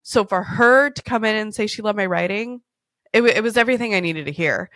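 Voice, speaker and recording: A woman's voice: medium pitch, fairly quick, fairly bright tone, no room sound, clean studio sound. A woman in her thirties hosting a podcast, telling stories in a candid, swearing, laughing way. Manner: candid, profane, laughing storyteller. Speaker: podcast host. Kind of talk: casual storytelling chat.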